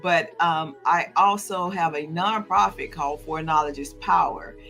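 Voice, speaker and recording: A woman's voice: sits low, measured pace, a bit bright, soft background music. A woman from South Florida, a school counselor chatting casually and folksily as an interview guest.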